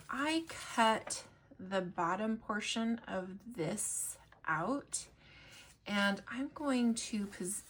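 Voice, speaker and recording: A woman talking through a crafting tutorial in a chatty, rambling way, with many fillers and restarts, now and then going soft while she works. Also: mid-range voice. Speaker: collage artist and shop owner.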